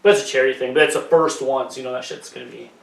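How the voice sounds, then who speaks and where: A man's voice: mid-range voice, steady tone, rapid-fire, gravelly. A man co-hosting a podcast in a casual, rambling, jokey way, swearing freely. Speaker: podcast co-host. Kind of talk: casual chat. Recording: echoey room, distant mic.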